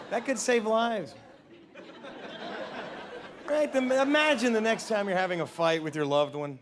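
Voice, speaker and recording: A high-pitched man works a comedy club crowd in a stand-up set, shouting punchlines and slipping into characters. He is recorded on a handheld stage mic, and the live room is noisy. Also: unhurried, long pauses.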